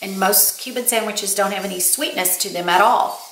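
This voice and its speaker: In a roomy, echoing recording with slight background noise, an older lifestyle vlogger chats casually and tells stories, calling her viewers y'all. Her mid-range voice is a bit bright and moves at a normal speed.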